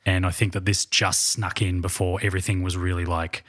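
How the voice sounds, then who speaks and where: Low-voiced earnest man, dry sound. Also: flat delivery, brisk, fairly bright tone, no room sound. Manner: earnest, emphatic agreement. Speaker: podcast co-host. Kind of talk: casual movie discussion.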